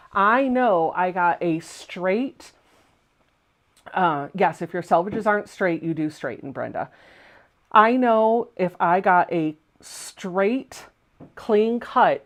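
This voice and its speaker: Chatty woman teaching sewing on a livestream. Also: on the low side. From Virginia, USA. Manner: chatty, laughs easily, corrects her own wording mid-sentence. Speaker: sewing channel host. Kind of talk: casual livestream sewing tutorial. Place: home sewing room, indoors.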